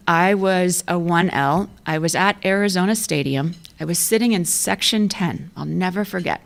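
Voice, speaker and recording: This athletic director, a woman in her fifties, has a lowish, creaky voice with a touch of brightness. Her luncheon speech for a storytelling club is chatty and self-deprecating, and she frequently laughs at her own expense.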